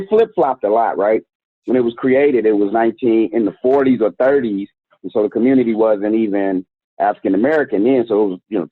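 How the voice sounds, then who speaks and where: A youth organization director in his forties tells a story as an interview guest, speaking candidly in a slangy, conversational way. His voice runs on the low side, and the recording is tinny, phone-like and dry, with no room sound.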